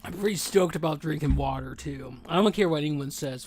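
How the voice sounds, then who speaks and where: A man chatting casually while he plays a game, rambling and animated, saying dude a lot, and talking with his mouth full while he eats. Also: on the high side, brisk, few pauses, a little hiss or hum. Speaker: gaming streamer. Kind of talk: casual gameplay chat.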